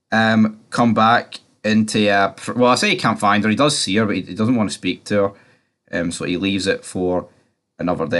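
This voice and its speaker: A man talks through a TV episode in a loose, off-the-cuff recap. His voice sits a little on the low side, and he rambles with plenty of fillers and casual swearing.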